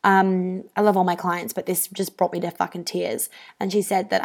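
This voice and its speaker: A woman's voice: mid-range voice, flat delivery, normal speed. Chatty sweary young woman host. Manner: chatty, swears freely, many fillers. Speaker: wellness podcast host. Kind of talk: casual candid monologue.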